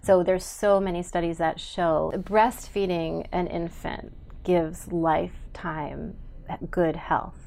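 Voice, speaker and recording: Earnest, low-voiced woman with a gravelly edge. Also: fairly even intonation, takes it slowly, darkish tone. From United States. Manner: earnest, emphatic, with frequent ums. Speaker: guest. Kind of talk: podcast interview.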